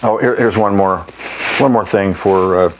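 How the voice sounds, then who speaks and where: A man teaching saxophone articulation, explaining in an unhurried way, often clearing his throat and pausing with ums. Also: low-pitched, slight background noise. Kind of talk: instructional lesson.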